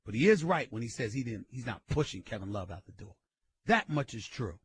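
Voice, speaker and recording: A male sports radio host giving an emphatic, loud, opinionated rant and hammering his points home. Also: mid-range voice, very animated, brisk, husky. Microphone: studio microphone.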